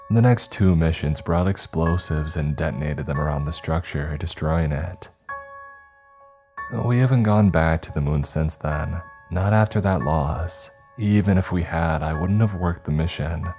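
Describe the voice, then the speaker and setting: A grieving former space communications chief recalls a lost crew, as a male reader takes her part. The voice sits very low and moves slowly and somberly. Faint music plays underneath. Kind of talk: scripted horror narration.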